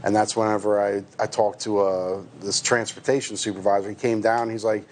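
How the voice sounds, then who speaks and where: A man's voice: lowish voice, little pitch movement, fairly quick, a little hiss or hum. A man from the United States, a truck driver, giving a hesitant personal account with many restarts and fillers.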